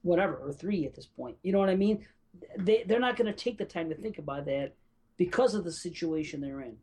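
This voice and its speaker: Blunt, swearing woman, lowish voice. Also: lively intonation, fairly quick, warm tone, slightly rough, poor audio. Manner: blunt, heavy swearing, explanatory. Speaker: podcast co-host. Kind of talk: casual film discussion.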